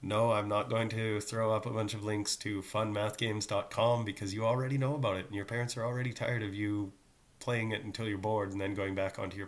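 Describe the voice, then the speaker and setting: A middle-aged male teacher talking casually to his students, with joking asides. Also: lowish voice. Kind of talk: casual recorded class talk.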